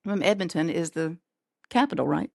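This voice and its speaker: A middle-aged woman with a low voice tells a family story at a relaxed pace. She slips into the voices of the people she quotes and laughs often. The recording is dry and close. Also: moderate pace, creaky, no room sound. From North Carolina, USA. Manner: lively storyteller who acts out quoted voices, with frequent laughs. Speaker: podcast guest. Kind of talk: casual storytelling.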